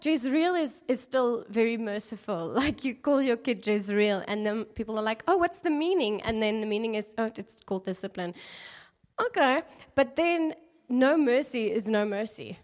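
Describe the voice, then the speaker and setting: A woman giving an informal sermon in a chatty, playful way, with many fillers and laughs at her own jokes. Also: fairly high pitch. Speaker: speaker at a church gathering.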